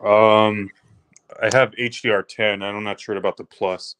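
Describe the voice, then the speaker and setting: Smooth-voiced man chatting casually. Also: lowish voice, flat delivery, measured pace, a bit bright. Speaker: live stream guest. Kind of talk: casual chat.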